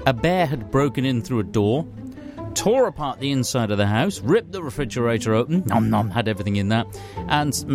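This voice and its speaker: A man presenting a casual radio show, reading out listener suggestions in an offhand, chuckling way with plenty of fillers. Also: mid-range voice. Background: music.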